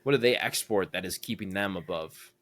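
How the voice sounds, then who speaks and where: Rambling low-voiced young guy chatting. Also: fairly quick, a bit bright. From United States. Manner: rambling, thinks aloud with many fillers. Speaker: podcast co-host. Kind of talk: casual chat.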